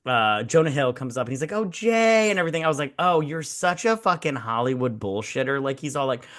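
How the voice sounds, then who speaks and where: A man's voice: medium pitch, lively intonation, fast talker, a bit bright. A man hosting a casual movie-review podcast, rambling and swearing, acting out people in mocking quoted voices. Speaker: podcast host. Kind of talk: casual drinking-show movie chat.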